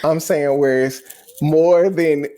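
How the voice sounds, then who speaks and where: A young man co-hosting a casual travel recap, telling stories in an animated, rambling way full of restarts. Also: on the high side, slow pace. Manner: animated storyteller, rambling with many restarts and fillers. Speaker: co-host.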